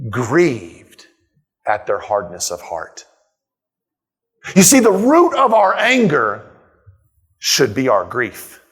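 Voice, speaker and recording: A male pastor preaching a sermon in a church, emphatic, repeating key lines and asking rhetorical questions. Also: high voice. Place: church sanctuary.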